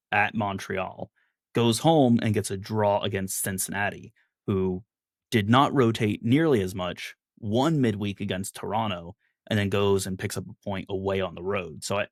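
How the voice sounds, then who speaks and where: A man's voice: lowish voice, no room sound, studio quality. A man hosting a podcast, chatting casually about sports and steering the talk with questions. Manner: leads the talk, poses questions. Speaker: podcast host.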